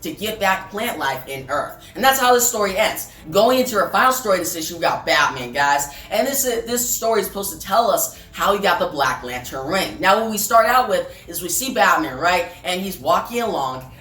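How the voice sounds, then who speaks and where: A woman's voice: on the low side, lively intonation, a little fast, hardly any pauses, a bit bright. A woman casually recapping a comic book as a reviewer, rambling with many fillers. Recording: roomy, distant mic, faint music.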